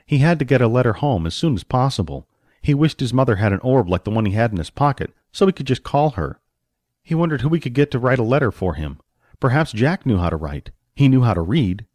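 A man narrating an audiobook story with expressive storytelling and varied pacing. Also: medium pitch, a little fast, no room sound, clean studio sound.

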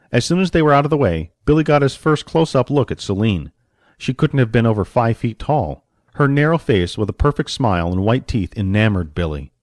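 Man narrating an audiobook, lively melodic delivery, mid pitch, dry close recording. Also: no echo. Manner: expressive storytelling with varied pacing.

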